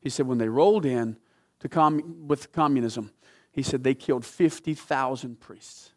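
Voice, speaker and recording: A man tells a story while preaching a sermon, at normal speed, with dramatic swings from loud, emphatic peaks down to hushed, low passages.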